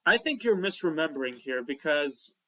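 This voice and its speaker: A man's voice: a little high, lively intonation, moderate pace, pushed and bright. A man co-hosting a podcast in casual chat, rambling with many fillers as he recalls film scenes. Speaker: podcast co-host.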